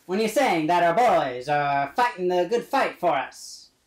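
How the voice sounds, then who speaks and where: Guy doing a old timey 1940s war radio announcer, patriotic, slow and sing-songy. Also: sits high, expressive. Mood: rousing. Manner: rousing, patriotic, declaiming. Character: old-fashioned male wartime radio announcer.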